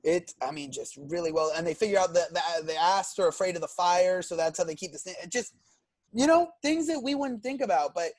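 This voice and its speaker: A man co-hosting a casual film podcast, talking in halting bursts full of "you know" and restarts. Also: sits high, lively intonation, dry recording. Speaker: podcast co-host.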